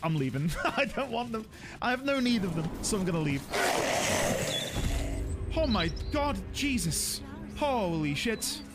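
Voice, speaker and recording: High, lively male game streamer. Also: unhurried, pauses often, over loud music. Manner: excitable, chatty, laughs often, talks to chat. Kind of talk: casual live-stream commentary.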